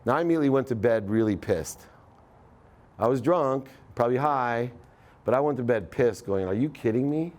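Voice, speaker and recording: A man's voice: medium pitch, lively intonation, normal speed. A middle-aged man giving a live motivational talk, storytelling and acting out the voices in his story. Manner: storytelling, acts out quoted dialogue. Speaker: motivational speaker.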